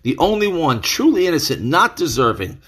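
A man's voice: on the high side, sing-song, fairly quick, a bit bright, slightly rough. A male preacher teaching through a scripture passage in an earnest, emphatic way, repeating key phrases. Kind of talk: bible teaching sermon.

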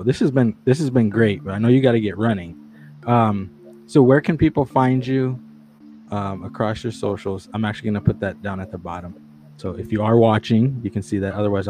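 A man hosting a casual podcast interview, relaxed and easygoing. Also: on the low side, a little fast, faint music behind. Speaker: podcast host.

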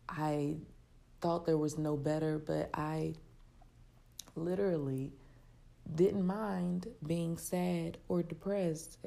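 A woman hosting her own podcast in a soft, reflective, heartfelt way, with a raspy voice, recorded in an open, spacious area. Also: deep voice. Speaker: podcast host. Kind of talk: casual solo podcast talk.

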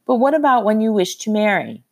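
A woman's voice: medium pitch, sing-song, a little fast, voice pushed up. A woman reading an audiobook, voicing a stern, skeptical male immigration official who talks in blunt questions.

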